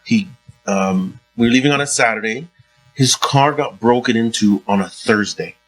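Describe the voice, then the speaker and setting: A man telling a road trip story in a casual chat, acting out scenes with mounting excitement. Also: medium pitch, moderate pace, soft background music, low-quality recording. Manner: animated storyteller, acts out scenes with rising excitement. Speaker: podcast co-host.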